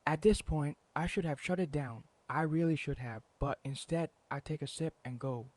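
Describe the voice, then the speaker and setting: A man telling a comedic first-person story in a calm, deadpan way, with dramatic pauses. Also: fairly high pitch, no room sound. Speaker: narrator.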